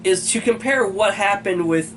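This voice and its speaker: A man co-hosting a casual chat about a cartoon, animated and swearing as he rants. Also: high-pitched, normal speed, a little hiss or hum. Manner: animated, swears and shouts when ranting. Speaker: co-host.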